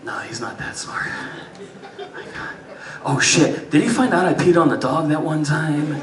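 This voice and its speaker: Animated male stand-up comic in a roomy club. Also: a little high, measured pace, far from the mic, crowd noise. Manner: animated, swings between loud bursts and muttered asides. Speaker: stand-up comedian. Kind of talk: stand-up storytelling. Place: live music venue stage. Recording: roomy live club sound from afar. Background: audience laughter.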